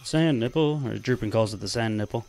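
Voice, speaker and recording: Man teammate, gravelly and relaxed, casual game chatter. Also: mid-range voice, a little fast. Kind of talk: casual gaming chat.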